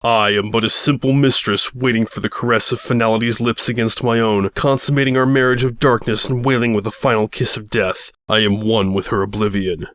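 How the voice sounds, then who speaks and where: A man voicing a pompous, dim-witted male dark lord who speaks in grandiose, melodramatic tones. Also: on the low side, fairly even intonation, a little fast, hardly any pauses, dry recording, close to an everyday voice. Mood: brooding.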